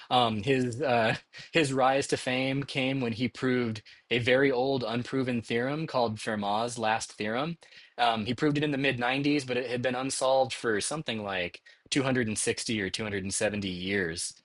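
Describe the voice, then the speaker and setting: A man's voice: medium pitch, a bit bright, dry recording. Encouraging male teacher, dry close sound. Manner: encouraging, conversational, frequent "okay?" check-ins. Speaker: math instructor. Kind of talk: recorded lecture narration over slides.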